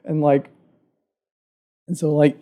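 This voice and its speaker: A man's voice: a little high, flat delivery, slow, warm tone. A man co-hosting a podcast, retelling a story in a casual, rambling way with many filler words. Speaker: podcast co-host. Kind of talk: casual chat.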